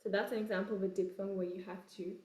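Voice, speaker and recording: A woman with an English accent teaching choir vowel sounds in a relaxed, chatty way, breaking into sung examples. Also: medium pitch, quick pace, far from the mic. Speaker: choir vocal coach. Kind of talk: casual singing lesson with sung examples. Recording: roomy echo, voice away from the mic.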